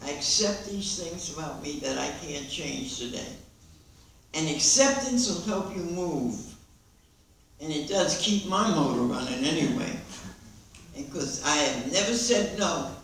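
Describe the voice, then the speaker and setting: An older woman giving a lively personal testimony to a meeting, acting out the dialogue as she tells it. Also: sits low, unhurried, a little hiss or hum. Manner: lively storyteller who acts out dialogue and laughs along. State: hard of hearing. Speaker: recovery meeting speaker. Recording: echoey hall recording from far off.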